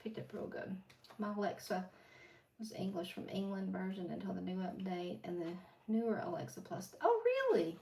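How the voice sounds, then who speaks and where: Doing her nails at a home desk, a livestreamer chats casually with her viewers in a strong Appalachian drawl, her warm, mid-range voice carrying a gravelly fry. She talks at a moderate pace, full of chatter and laughing asides. The mic sits a bit away, and a faint hiss runs beneath.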